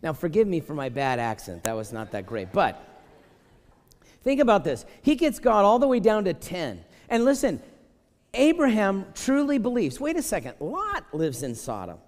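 Animated pastor preaching in an echoing sanctuary. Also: male voice, high-pitched, moderate pace. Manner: animated, emphatic, talks straight to the congregation. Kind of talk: conversational sermon. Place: church sanctuary. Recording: long reverb of a church sanctuary.

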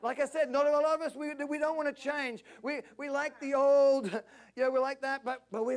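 A man preaching a passionate sermon at a church service, climbing to near-shouts. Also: extremely high pitch, fairly even intonation, moderate pace. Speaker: pastor.

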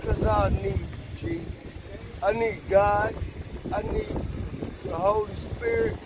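High-voiced guy on the street talking real emotional, windy mic, loud noise behind. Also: very animated, slow pace. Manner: informal, emotional, slangy. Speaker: passerby. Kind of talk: casual street talk. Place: outdoors on a street.

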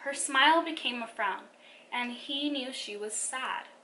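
A woman from a children's ministry reading a picture book aloud to children in an animated storytelling manner. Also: high-pitched, a little slow, a little hiss or hum.

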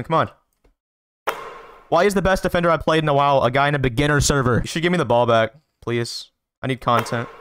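A man giving casual gameplay commentary, trash-talking playfully with quick excited outbursts. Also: mid-range voice, slight background noise. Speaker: gaming video creator.

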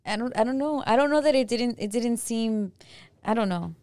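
A woman's voice: a little high, lively intonation, moderate pace, darkish tone, no room sound. A woman co-hosting a podcast in casual, rambling chat. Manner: chatty, rambling. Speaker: podcast co-host.

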